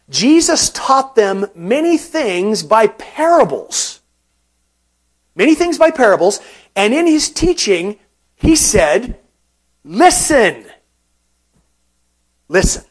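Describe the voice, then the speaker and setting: Unhurried, high-voiced male pastor. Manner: unhurried and emphatic, with pauses and repeated words. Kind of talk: sermon.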